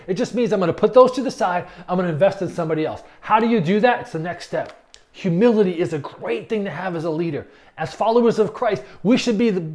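A man's voice: sits high, a little mellow. A man preaching a sermon as a pastor, conversational and emphatic, often restarting his phrases.

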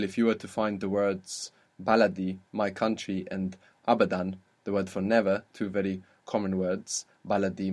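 A man's voice: lowish voice, darkish tone. Patient man teaching a language lesson. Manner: patient, drills words slowly and clearly.

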